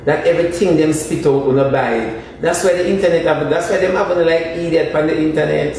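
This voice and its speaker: Jamaican man, comic gossip commentary, ranting and emphatic, slightly high voice, heard from a distance in a very echoey room with faint noise. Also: brisk, darkish tone. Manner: emphatic, ranting, repeats dismissive refrains. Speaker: online commentator.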